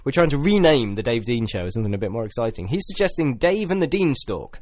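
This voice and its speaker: A man's voice: medium pitch, fast talker, no room sound. A man hosting a casual local radio show, joking and laughing through the banter. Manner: jokey, laughing, lively banter.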